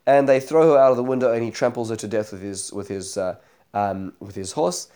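A man's voice: mid-range voice, brisk, mellow. A man teaching a Bible study lesson, retelling the chapter as a story, voicing the quoted speakers, with many fillers and restarts.

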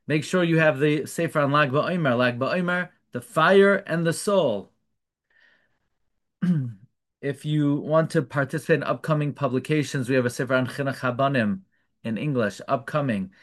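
A man's voice: medium pitch, moderate pace. A man giving a Torah lecture, translating Hebrew phrases and firing off rhetorical questions. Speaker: rabbi teaching Torah class.

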